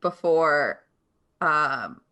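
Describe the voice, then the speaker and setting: Woman player, deep voice, slow, dramatic storytelling. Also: lively intonation, vocal fry, bright, forceful tone. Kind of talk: in-character narration at a tabletop game.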